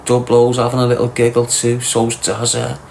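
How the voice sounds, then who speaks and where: Reading out chat comments on his livestream, this middle-aged Liverpudlian trades crude, slangy, teasing banter with viewers. He speaks at medium pitch and a moderate pace, completely flat, his voice gravelly and a little mellow. Some hiss or hum is audible.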